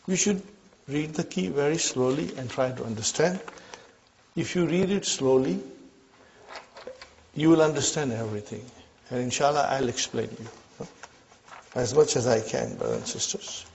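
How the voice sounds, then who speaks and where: A man teaching an Arabic grammar lesson to a class, slow and repetitive, often checking whether his listeners follow. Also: mid-range voice, vocal fry, darkish tone, slight background noise. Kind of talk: classroom lecture. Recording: dull lo-fi recording.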